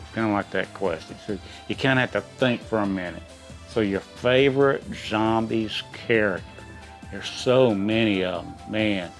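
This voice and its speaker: A man's voice: fairly low pitch, normal speed, soft background music. A middle-aged man, a dad hosting a trivia chat, answering in rambling, folksy explanations. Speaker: quiz host, a gamer's dad answering questions. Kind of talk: casual chat.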